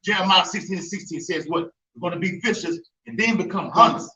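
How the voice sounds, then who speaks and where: A man's voice: high-pitched, animated, fast talker, sharp tone, slight background noise. A man in a casual scripture discussion, speaking in slangy, easygoing talk and calling others "man". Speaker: member of a religious group discussion. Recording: far, echoey, dull-sounding room mic.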